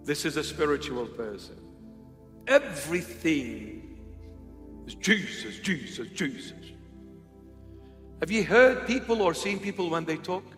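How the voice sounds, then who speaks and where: A man's voice: on the high side, big pitch swings, normal speed. A man preaching a humorous, conversational sermon, slipping into playful impressions. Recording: echoey hall with faint music.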